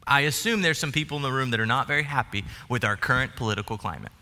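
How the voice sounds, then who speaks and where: Speaking quickly in a medium pitch with a sharp tone, this male pastor gives a conversational sermon peppered with humor and side remarks. He's in a church sanctuary, and the sound echoes like a church hall.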